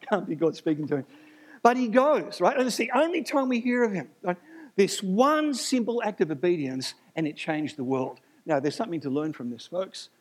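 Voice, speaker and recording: Male preacher, husky, a bit high-pitched, lively sermon delivery with humorous asides. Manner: animated, rising to emphatic peaks, jokes and asides.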